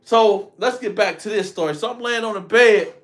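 A man telling a story on his own channel in a casual, animated way, talking straight to his viewers. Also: high-pitched, normal speed. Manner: animated, addresses viewers directly. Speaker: storytelling vlogger.

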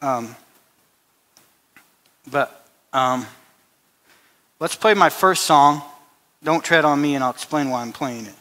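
A man with a slightly high, bright and forceful voice tells his faith stories in plain, chatty language, stumbling over repeated words. His voice carries a long reverb from the church hall around him. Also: slow, pauses often. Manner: conversational storytelling, repeats words, many "you know" fillers. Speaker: guest speaker and musician at a church service. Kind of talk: informal testimony talk.

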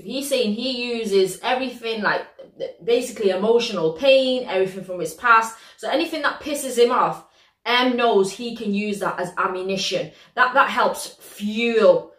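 Lively British woman reacting in a roomy space. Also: a little high. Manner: slangy, animated, quick to laugh. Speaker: reaction video host. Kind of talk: excitable casual reaction commentary.

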